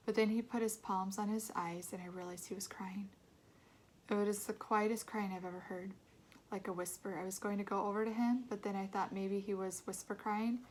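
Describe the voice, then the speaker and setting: A woman reading a children's novel aloud in a soft, intimate way, often dropping to a whisper. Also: medium pitch, a little hiss or hum. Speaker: read-aloud narrator. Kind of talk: storybook narration.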